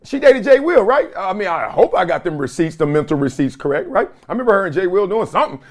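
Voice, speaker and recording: A middle-aged man hosts his own sports podcast and talks in a loose, slangy way, often laughing mid-thought. His pitch swings a lot from line to line, and his voice sits somewhat high for a man. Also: a little fast, few pauses. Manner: animated, slangy, laughs often, mimics others in quotes. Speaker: podcast host. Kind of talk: casual sports commentary.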